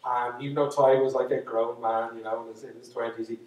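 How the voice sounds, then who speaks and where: A man's voice: medium pitch, flat delivery, brisk, a little mellow, far from the mic. An Irish man spins a folk tale for a live crowd, breaking off for chatty asides. His voice rings through a big echoey hall, picked up from some way off the mic. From Ireland. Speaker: storyteller.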